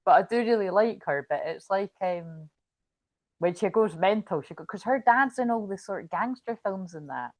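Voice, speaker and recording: A woman's voice: mid-range voice, moderate pace, dry recording. A woman chatting casually on a livestream, rambling and swearing freely as she retells a story. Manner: chatty, swears freely, quotes others in a lively way. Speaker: spiritual reader and livestream host.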